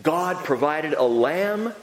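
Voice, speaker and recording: A man preaching a sermon, telling the story with animated delivery and acting out voices. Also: a little high, slow. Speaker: pastor. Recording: echoey hall reverb.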